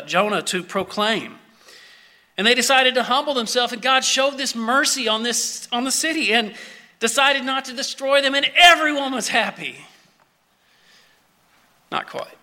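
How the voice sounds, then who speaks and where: A man's voice: sits high, bright, forceful tone. A man preaching a sermon, reading scripture expressively and adding commentary with rhetorical questions and the odd slip.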